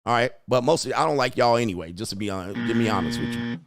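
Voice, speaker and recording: A man hosting a livestream, ranting at his viewers in a loud, mocking, insulting way. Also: medium pitch, fast, background noise. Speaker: online dating coach host. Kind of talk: livestream rant.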